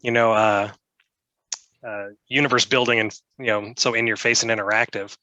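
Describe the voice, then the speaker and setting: A man's voice: fairly low pitch, level tone, normal speed, pushed and bright, no echo. A man co-hosting a podcast who asks questions in a loose, chatty way with plenty of fillers. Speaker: podcast co-host. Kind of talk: casual interview chat.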